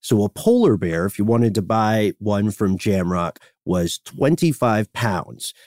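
A man's voice: fairly low pitch, big pitch swings, measured pace, darkish tone, no echo, clean studio sound. A man co-hosting a history podcast, telling the story in a playful, joking way. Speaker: podcast co-host. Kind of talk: casual history podcast chat.

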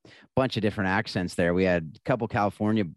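A man co-hosting a podcast, talking in a relaxed, conversational way and going quieter when he reflects. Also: lowish voice, fast talker, dry recording. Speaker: podcast co-host. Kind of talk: casual podcast chat.

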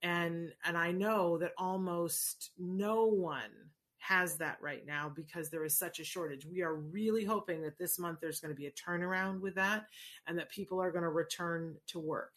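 Answering viewers' questions, this middle-aged host gives casual advice in an earnest, encouraging way, often tossing in rhetorical asides. She speaks at a normal speed in a fairly low, steady and slightly bright voice.

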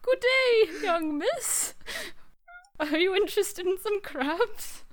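A woman voicing a prim, genteel Japanese shopkeeper woman with an exaggerated British-sounding lilt, high and sing-song. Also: expressive, takes it slowly, full character voice. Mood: prim, chirpy.

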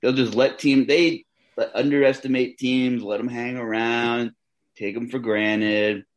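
A man's voice: mid-range voice, steady tone, a little slow. A man co-hosting a fantasy basketball podcast in casual chat, bantering with jokes and sarcasm.

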